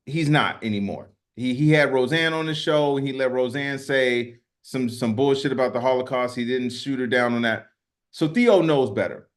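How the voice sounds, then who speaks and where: A man's voice: medium pitch, normal speed. Fired-up man ranting on a podcast. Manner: angry, profane, repeats words when worked up. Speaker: podcast co-host. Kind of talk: heated political commentary.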